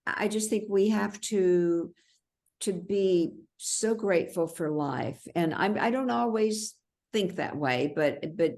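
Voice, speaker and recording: A woman with a deep, darkish voice is interviewed about her memoir in a conversational setting. She speaks earnestly and reflectively, often stopping and restarting her sentences.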